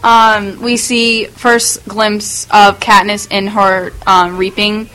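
A woman's voice: mid-range voice, flat delivery, slow, sharp tone, rough recording. A woman in a casual group chat, talking with many hesitations and fillers.

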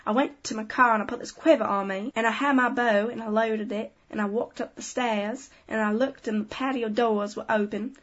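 A young woman puts on a Southern drawl, a touch high, reading a quote in a playful way. The sound is dull and lo-fi. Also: steady tone, a little fast, few pauses, natural voice. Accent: attempted Southern American. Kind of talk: reading a quote aloud in a put-on accent.

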